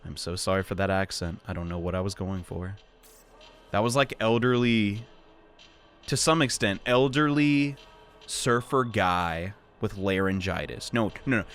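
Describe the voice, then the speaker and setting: A man's voice: on the low side, a bit bright. A young man casually commenting on his gameplay, joking and exclaiming, with rambling asides. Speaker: let's play host.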